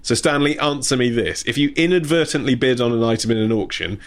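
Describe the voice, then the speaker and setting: A man's voice: medium pitch, fast talker. A man hosting a podcast, wry and joking in casual chat, recorded indoors at a workplace full of vintage cars. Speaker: podcast host.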